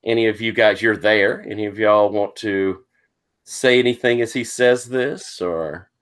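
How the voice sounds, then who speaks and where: A man's voice: fairly low pitch, fairly even intonation, unhurried, fairly bright tone, clean tone. A man running a tabletop game over a video call, narrating scenes in an easygoing, rambling way. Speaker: game master.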